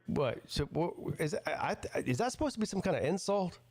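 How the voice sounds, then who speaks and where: A man's voice: on the high side, very animated, fairly quick, a little mellow. A man hosting a casual livestream chat, tired from staying up all night, telling rambling self-mocking stories. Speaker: livestream host.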